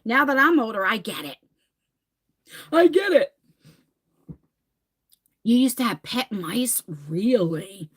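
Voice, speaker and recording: A woman's voice: on the high side, expressive, moderate pace, hardly any pauses, a bit bright, slightly rough. A woman in her forties chatting on a live stream, reading comments and telling stories dramatically, swearing casually. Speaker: livestream host.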